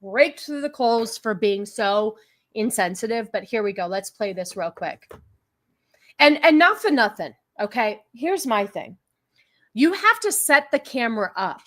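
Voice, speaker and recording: A woman's voice: fairly high pitch, animated, a little slow, a bit bright. A woman hosting a casual livestream podcast, talking in a sarcastic, mocking way and laughing often. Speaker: podcast host.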